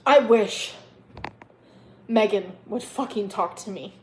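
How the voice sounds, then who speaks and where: A woman in her thirties ranting angrily in a vlog, profane and heated, swinging between loud outbursts and low mutters. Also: slow pace, pauses often, slight background noise. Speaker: vlogger.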